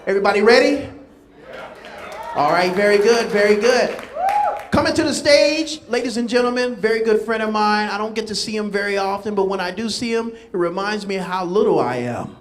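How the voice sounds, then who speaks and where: A man hosting a comedy show, bossing the audience around with loud crowd work on a handheld mic. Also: high voice, a little fast. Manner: loud, bossy, coaxing the audience. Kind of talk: stand-up emcee crowd work. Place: comedy club stage. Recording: echoey club with loud music and crowd.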